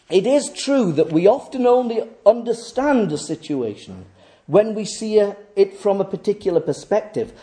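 High-voiced, mellow middle-aged man preaching. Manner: emphatic, repeats phrases, rhetorical questions. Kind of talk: sermon.

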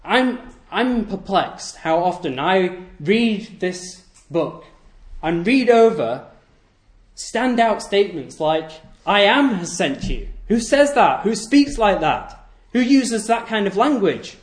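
A man's voice: sits high, very animated, takes it slowly. A man preaching a sermon to a congregation, asking rhetorical questions and repeating key phrases for emphasis. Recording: echoey room.

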